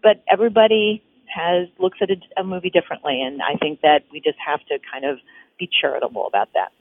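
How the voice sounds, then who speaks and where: A woman film critic answering interview questions in a measured way with many fillers. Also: deep voice, creaky, husky. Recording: tinny phone line.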